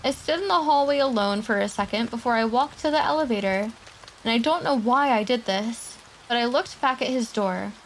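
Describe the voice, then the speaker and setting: A woman's voice: a little high, moderate pace, a little hiss or hum, rough recording. A woman streamer reading horror stories aloud to her live chat, with casual chatty asides in between.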